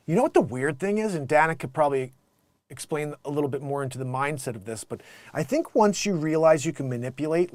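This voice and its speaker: Lively high-voiced man riffing comically. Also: no echo. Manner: animated, mocking, does quick voices in quoted bits. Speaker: host. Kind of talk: casual comedic commentary.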